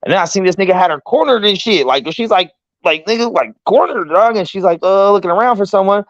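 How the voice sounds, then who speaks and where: A man hosting a casual talk show, telling a story in an animated, profane way and acting out the voices of the people in it. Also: sits high, fast talker, no room sound, muffled recording. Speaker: podcast host.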